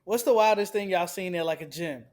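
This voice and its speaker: Playful guy with a pretty high voice, throwing out questions. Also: a little fast, darkish tone. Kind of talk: casual chat.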